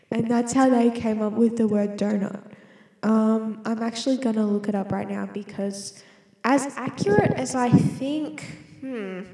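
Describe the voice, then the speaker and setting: A woman's voice: a little high, warm tone. A woman, a student, talking to herself in a playful, rambling monologue that keeps interrupting itself. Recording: echoey room with long reverb.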